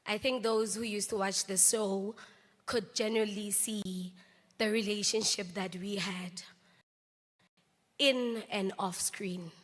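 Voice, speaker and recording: Brief: slow, high, bright South African actress telling eulogy anecdotes in a reverberant memorial hall. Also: female voice, fairly even intonation. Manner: anecdotal, mixes languages, laughs between stories.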